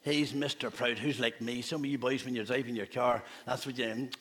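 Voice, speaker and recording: Man, pastor, children's talk, playful questions, bright tone. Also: mid-range voice, steady tone, moderate pace, husky. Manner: playful, asks children questions, laughs often. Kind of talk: children's talk in a church service.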